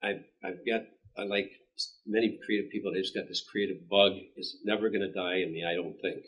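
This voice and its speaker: A man with a very low voice talks in a documentary interview as a comedian. He speaks reflectively and restarts his words. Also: steady tone, fairly quick, a bit bright, low-quality recording.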